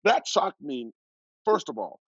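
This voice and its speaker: A man in his fifties from Oregon, a former pro football player, telling stories as a guest in an animated way, laughing as he goes. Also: a little high, unhurried, slightly rough, no room sound, lo-fi sound. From Oregon, USA. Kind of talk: animated storytelling.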